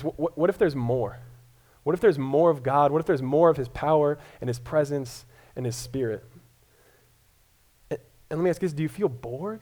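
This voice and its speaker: With a somewhat high but dark-toned voice, a young Colorado man preaches a sermon as a pastor. He is casual and self-deprecating, frequently stumbling and beginning his words again.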